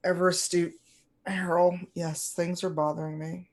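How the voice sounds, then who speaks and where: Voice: medium pitch, little pitch movement, moderate pace, lightly acted. A game master voicing a tired, guarded male Inquisitor in a tabletop game, with terse, clipped replies.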